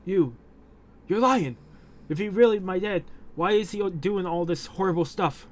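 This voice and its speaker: An earnest, emotional teenage boy hero, as a man puts him on cries out in a high, strained voice during a dramatic manga read-aloud. He pleads and yells, climbing well above the performer's normal pitch. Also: big pitch swings, slow pace, exaggerated voice. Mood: disbelieving.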